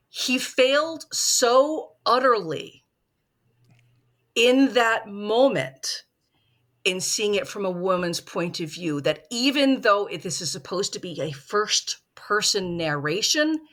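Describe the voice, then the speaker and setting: A woman making her case as prosecutor in a mock film trial, talking animatedly in quick bursts with restarts. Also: medium pitch, expressive, a bit bright. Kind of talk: casual podcast debate.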